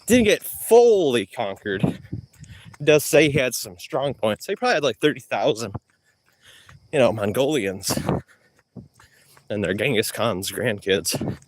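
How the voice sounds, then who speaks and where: A man's voice: medium pitch, sing-song, unhurried, long pauses, a little hiss or hum. A man rambling and trash-talking in a joking way during a live stream outdoors. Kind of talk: rambling live-stream chat while jogging.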